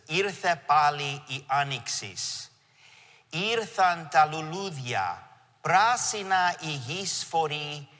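A middle-aged man preaching a sermon to a congregation, telling a story with animated emotion. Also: fairly high pitch. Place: church venue. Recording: long hall reverb.

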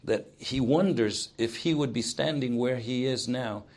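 A man preaching a sermon, swinging from emphatic exhortation to hushed, prayerful passages. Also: medium pitch, a little slow.

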